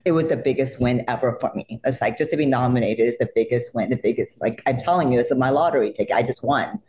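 A woman, a soap opera actress and guest, retelling stories in a casual interview. She talks animatedly and laughs a lot. She acts out her own excited reactions in quotes. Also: rumbling low, fast talker. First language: not English.

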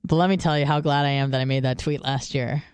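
A woman's voice: a bass voice, fairly even intonation, fast, darkish tone, clean tone, no room sound. A woman hosting a podcast, telling rambling, profane stories in casual chat. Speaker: podcast host.

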